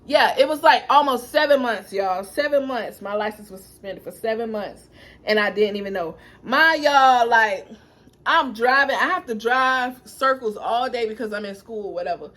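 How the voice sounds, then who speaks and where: A young adult woman telling a dramatic personal story to her viewers in a lively, animated way. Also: on the high side, moderate pace. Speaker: vlogger. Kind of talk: storytime vlog.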